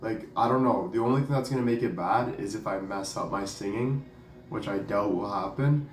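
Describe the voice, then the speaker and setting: A man's voice: fairly low pitch, normal speed, recorded from a distance, slight background noise. A young man telling a story in a casual, rambling way, packing his talk with "like" and "dude" and swearing now and then. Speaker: vlogger and singer. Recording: roomy sound, off the mic, faint ambience.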